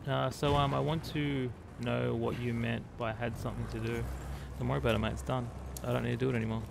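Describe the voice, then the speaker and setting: This medium-pitched streamer speaks fast in a level, creaky voice against a noisy background. He plays a shooter game and chats casually with viewers, calling them mate, while loud gunfire and vehicle sounds from the battle play behind him.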